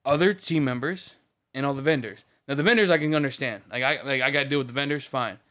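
A man's voice: mid-range voice, fast, fairly bright tone. A man in his thirties ranting heatedly in casual podcast chat, swearing often. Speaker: podcast co-host.

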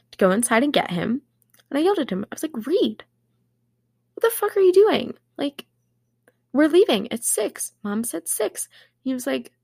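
A woman's voice: mid-range voice, vocal fry, no room sound, clean studio sound. A young woman hosting her own podcast, chatting casually in a sarcastic, swear-laced way. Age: young adult. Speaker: podcast host. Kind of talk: casual solo podcast chat.

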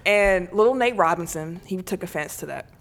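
A woman co-hosting a sports podcast, telling stories in an animated way and laughing often. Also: fairly low pitch, normal speed. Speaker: podcast co-host. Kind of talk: casual sports chat.

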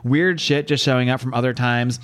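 A man's voice: mid-range voice, fairly even intonation, brisk, fairly bright tone. A man hosting a casual podcast, recapping a comic book in an irreverent, profane way and laughing often. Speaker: podcast host.

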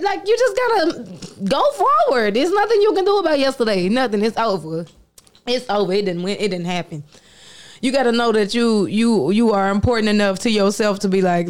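A woman in casual chat, animated, acting out little quotes and laughing often. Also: medium pitch, a little fast. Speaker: guest musician.

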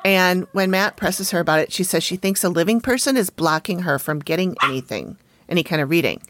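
Lively woman recapping a TV episode. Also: fairly low pitch, fairly quick, background noise. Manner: lively, laughs often, talks to her dog. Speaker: podcast co-host recapping a TV episode. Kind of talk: casual chat.

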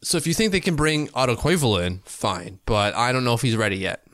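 A man's voice: mid-range voice, big pitch swings, fast, fairly bright tone, no room sound. A man co-hosting a casual hockey podcast, talking through his opinions with frequent restarts and fillers. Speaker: podcast co-host. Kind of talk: casual sports talk.

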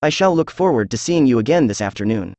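A man's voice: medium pitch, quick pace, no room sound, natural voice. Troubled young woman client, read by a synthetic man's voice; dry, unvaried. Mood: relieved. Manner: flat synthetic delivery. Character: frightened young woman in a veil, relieved.

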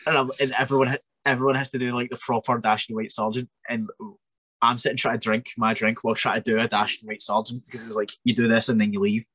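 A young Scottish man, a wrestler guest on a podcast, telling an animated story in an exasperated, ranting way with many restarts. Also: mid-range voice, fast talker, breathy edge, dry recording.

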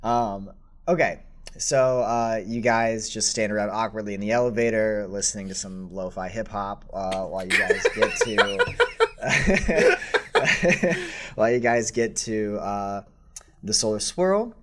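Lower-voiced man narrating a tabletop game. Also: very animated, unhurried, background noise. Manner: casual, rambling, many fillers. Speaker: game master.

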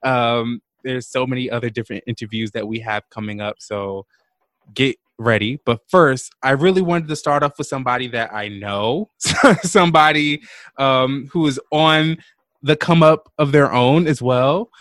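A man's voice: mid-range voice, normal speed, fairly bright tone, no room sound. A man hosting his own podcast, upbeat and laughing easily in casual conversation. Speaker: podcast host.

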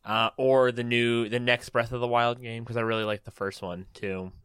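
A man's voice: mid-range voice, level tone, normal speed, a bit bright, smooth, dry recording, clean studio sound. A man co-hosting a casual podcast, laid-back and brief in his replies.

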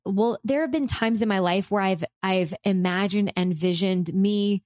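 A woman's voice: medium pitch, measured pace, darkish tone, dry recording. A woman talking openly about her father in a personal conversation, hesitating and restarting as she searches for words. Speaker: guest discussing her estranged father.

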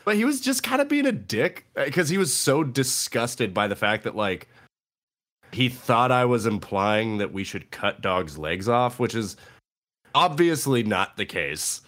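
Guy cohosting a podcast, lively swoopy voice, cracks himself up, does little voices for people. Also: unhurried. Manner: animated, laughs often, jumps into high quoted voices. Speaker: podcast co-host. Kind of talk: casual comedic storytelling.

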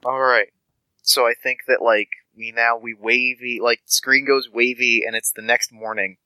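A man's voice: medium pitch, little pitch movement, normal speed, sharp tone, smooth, dry recording, rough recording. A man running a tabletop role-playing game as game master, in a casual, guiding way.

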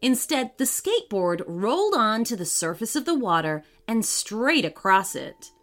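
A woman narrating a children's story in a gentle, expressive reading manner. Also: a little high, normal speed. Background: faint music.

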